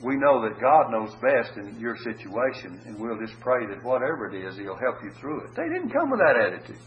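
An older man teaching from the Bible, reading verses slowly, then putting them in plain folksy words. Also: mid-range voice. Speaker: preacher. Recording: dull lo-fi recording with faint hum.

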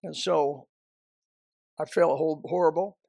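A man's voice: on the high side, fairly even intonation, takes it slowly, vocal fry, dark tone, husky, no room sound, studio quality. A man preaching a sermon as a pastor, emphatic and repetitive, often restarting his sentences.

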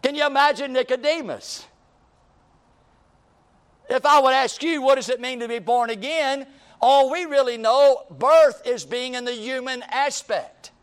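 A man's voice: very high voice, unhurried, clear, resonant tone. A man preaching a sermon as pastor, driving his points home with repeated questions and rising emphasis.

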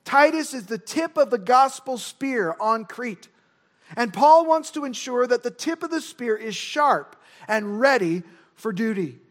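A man with a strikingly high voice preaches a sermon. He lands his points with emphasis and drives them home by repeating key words. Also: animated, unhurried, a bit bright. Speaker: pastor. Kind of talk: expository sermon.

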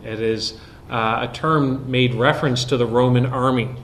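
A man preaching an expository sermon, explaining a Bible passage verse by verse with frequent pauses. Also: mid-range voice, fairly even intonation, a bit bright, a little hiss or hum.

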